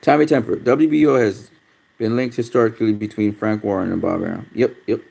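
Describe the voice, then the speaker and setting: His voice is on the low side, dark and steady with vocal fry, and he talks a little fast. Hosting a casual livestream about boxing, he reads viewer comments, curses heavily, speaks bluntly and gets easily frustrated.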